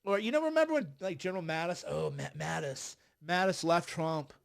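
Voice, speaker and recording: Sarcastic man with a high voice. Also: very animated, brisk, vocal fry. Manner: sarcastic, mocking, exasperated, with frequent sighs. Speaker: livestream host. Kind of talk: political commentary livestream.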